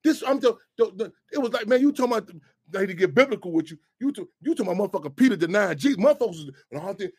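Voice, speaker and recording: A man hosting call-in radio talk, animated and profane, rambling with frequent restarts and repeated words. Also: high-pitched, racing, breathy edge. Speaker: radio show host.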